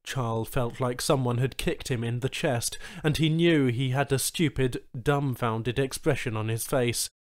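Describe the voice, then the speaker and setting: A man's voice: mid-range voice, a little slow, few pauses. A man reading a science fiction short story aloud as an audiobook narrator. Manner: expressive storytelling. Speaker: audiobook reader. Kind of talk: scripted narration.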